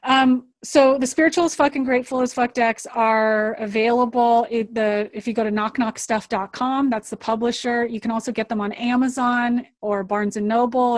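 A woman's voice: a little high, dry recording. A woman talking as an interview guest, candid and casual, swearing freely and laughing often. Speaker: guest, author of a card deck.

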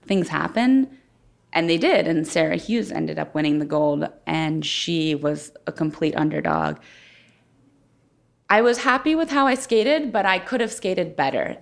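A woman's voice: low voice, vocal fry. A woman interviewed as a guest, telling her story candidly and thoughtfully in conversation. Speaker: guest, former Olympic figure skater.

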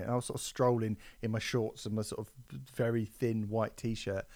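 Animated man hosting a podcast. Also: mid-range voice, fairly quick, few pauses. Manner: animated, swearing, mock-outraged storytelling. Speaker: podcast host. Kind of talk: casual podcast chat.

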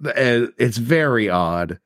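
A man's voice: mid-range voice, expressive, slow pace, fairly bright tone, no echo, clean studio sound. Profane man in casual podcast chat. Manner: loose and profane, trails off searching for words. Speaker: podcast co-host. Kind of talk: casual chat recapping a film.

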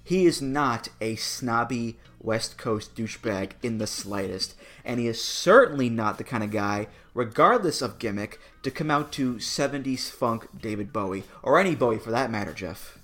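A man's voice: mid-range voice, animated, fairly bright tone. A man co-hosting a podcast in casual chat, wry and opinionated. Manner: wry, opinionated, quick to laugh. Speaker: podcast co-host.

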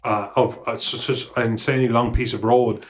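A man's voice: medium pitch, fairly even intonation, fairly quick. Rambling, swearing male podcast co-host. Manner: rambling, swearing, frequent restarts and fillers. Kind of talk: casual chat.

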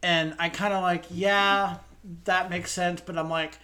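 Earnest co-host, casual chat, mid-pitched voice, frequent restarts. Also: flat delivery, unhurried, pushed and bright. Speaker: podcast co-host. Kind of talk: casual discussion.

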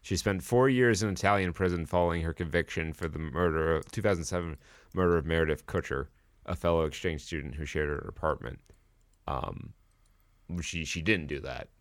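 A man's voice: rumbling low, a little fast, dry recording. A man co-hosting a podcast, chatting casually, reading a synopsis aloud and joking with crude language. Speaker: podcast co-host. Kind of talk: casual chat.

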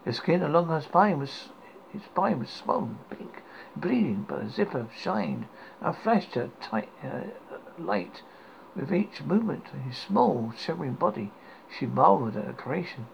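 A man hosting a horror podcast, reading a dark story aloud with stumbles and restarts. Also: a little high, big pitch swings, unhurried, vocal fry. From United Kingdom. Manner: stumbling, self-correcting reading. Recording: dull lo-fi recording with faint hiss.

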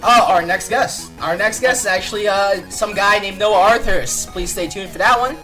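A man's voice: sits high, normal speed, sharp tone, soft background music. A young man co-hosting a casual podcast, reading out listener questions and laughing often. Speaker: podcast co-host. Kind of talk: casual chat.

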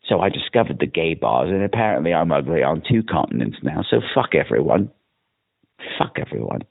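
A man's voice: a bass voice, sing-song, brisk, gravelly, slightly rough. A drunk man leaving a rambling voicemail, putting on a campy, exaggerated mock British accent. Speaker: podcast host leaving himself a voicemail. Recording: tinny phone voicemail.

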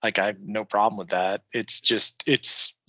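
A man's voice: fairly low pitch, steady tone, normal speed, sharp tone, no echo, lo-fi sound. A young man co-hosting a casual podcast, opinionated and profane, often chuckling. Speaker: podcast co-host.

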